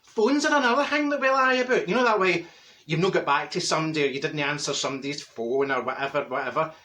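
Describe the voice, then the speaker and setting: Casting: man as a mouthy middle-aged Glaswegian woman, high bright voice, blunt and mocking comedy monologue. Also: fast. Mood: ranting. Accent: Glaswegian Scottish. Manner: gossipy, blunt, mocking asides. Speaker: comic character monologue.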